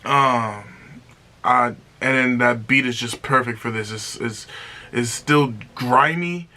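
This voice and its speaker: A man reviewing an album in an excited, casual way, exclaiming and repeating himself. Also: mid-range voice, slow pace. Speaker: music reaction reviewer.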